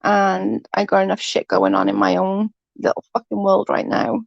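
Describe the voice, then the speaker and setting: A woman's voice: medium pitch, completely flat delivery, normal speed, creaky, no echo, lo-fi sound. A woman, congested from hay fever, chatting casually with her livestream viewers and reading out their comments, swearing freely and giggling. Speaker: livestream host reading chat. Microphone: close computer mic.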